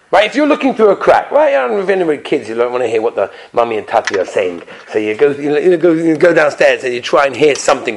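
A man giving a storytelling sermon, animated, who drops to quiet whispers for emphasis and asks his listeners rhetorical questions. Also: high-pitched. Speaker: rabbi giving a weekly Torah talk.

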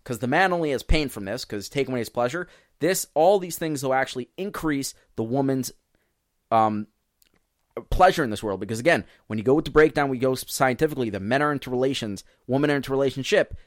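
A man co-hosting a religious discussion podcast, explaining points in a lively way and acting out quoted speakers. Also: medium pitch, quick pace, dry recording, clean studio sound. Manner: animated, explains with quoted voices. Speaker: podcast co-host.

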